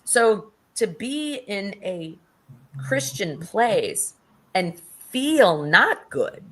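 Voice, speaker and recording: A woman's voice: mid-range voice, big pitch swings, very slow. A middle-aged woman speaking as an interview guest, telling a personal story with casual swearing and acted-out quotes.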